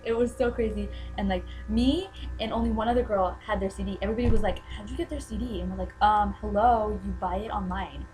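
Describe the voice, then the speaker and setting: Young woman vlogging, gushy fangirl rambling, like like like, middle pitch, bit of hum behind. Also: darkish tone, rough recording. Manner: gushing, fast valley-girl chatter full of "like". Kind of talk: excited fan storytelling to camera.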